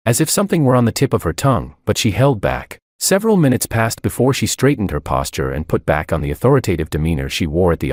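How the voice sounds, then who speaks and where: A man narrates a first-person drama audiobook in a very low voice. His delivery is calm and measured with a bitter undertone, yet his pitch moves a lot. It is recorded close and dry, with no room sound. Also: no echo.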